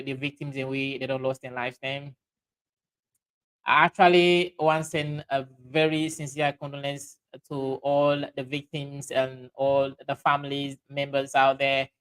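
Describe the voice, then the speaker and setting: A man with a Sierra Leonean Krio accent hosting a livestream, reading out viewer comments in halting speech full of fillers and restarts. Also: a little high, fairly even intonation, sharp tone, smooth, low-quality recording. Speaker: livestream host.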